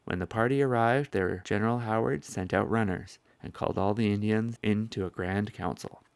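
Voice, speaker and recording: Low gravelly guy reading a history speech slow and solemn, dry close sound. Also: no room sound. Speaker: narrator.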